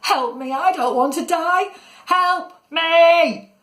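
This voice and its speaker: A woman voicing a frightened young boy in a storybook reading, high and panicky. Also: slow pace, fairly bright tone, roomy sound, full character voice. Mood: panicked.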